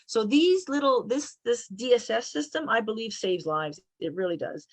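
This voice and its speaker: A woman's voice: fairly high pitch, lively intonation, normal speed, no room sound. Chatty woman truck driver telling stories. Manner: chatty, repeats and restarts, acts out both sides of her inner voice. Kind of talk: animated storytelling in a podcast chat.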